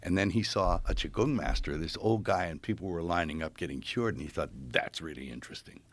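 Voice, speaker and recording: A man chatting casually, telling animated stories and acting out the people in them. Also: sits low, a little fast. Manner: animated storyteller who acts out voices. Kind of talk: casual chat.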